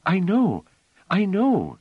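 A man voicing an excitable little girl who talks eagerly and breathlessly in a storybook reading. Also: high-pitched, slow pace, breathy edge, no echo, phone-quality sound, voice pushed up, heavily acted.

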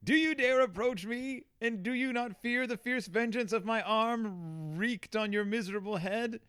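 A man's voice: extremely high pitch, moderate pace, fairly bright tone, clear, resonant tone, no room sound, clean studio sound, pitched above the performer's own voice. A man declaiming as a furious young scientist. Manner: theatrical, declamatory. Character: furious young male scientist cursing his creation.

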